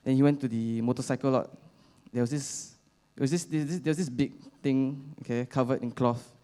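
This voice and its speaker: Young Singaporean man, mid-pitched, casual rambling church talk full of fillers. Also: fairly even intonation, dark tone. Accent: Singaporean English. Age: young adult. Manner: halting, many fillers, chatty with slang particles. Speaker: youth speaker at church. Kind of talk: casual storytelling sermon.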